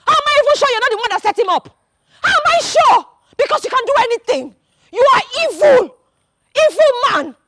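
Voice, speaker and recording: An actress playing a fierce, loyal young wife with a Nigerian accent, shouting and accusing in a film drama. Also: female voice, very high-pitched, big pitch swings, brisk, no room sound, studio quality, exaggerated voice. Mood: raging. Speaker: wife defending her husband.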